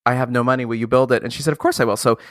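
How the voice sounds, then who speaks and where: A man's voice: mid-range voice, very fast. A man hosting a podcast, telling a story with lots of energy and casual profanity. His voice sits in a middle register. The sound is dry and close, with no room echo. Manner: animated, profane, laughing storyteller. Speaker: podcast host.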